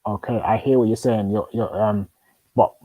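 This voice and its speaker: Man, casual debate, husky, dark low voice, dry close sound, halting restarts. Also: steady tone, dry recording, narrow, tinny audio. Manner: probing, hesitant with many restarts. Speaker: host.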